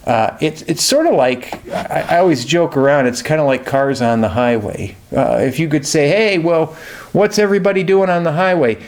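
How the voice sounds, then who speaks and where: A man teaches chemistry in a relaxed, conversational way, sprinkling in jokes and everyday examples. His voice sits at a middle pitch for a man. He talks loosely, with plenty of "uh" and "you know". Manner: jokey, conversational, many fillers. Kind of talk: casual lesson.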